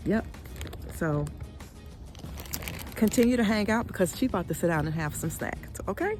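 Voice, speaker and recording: A woman chatting excitedly to viewers while walking a park trail, filming with a handheld camera. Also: mid-range voice, moderate pace, over music. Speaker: lifestyle vlogger. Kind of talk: casual outdoor walking vlog. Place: outdoor park trail by a pond.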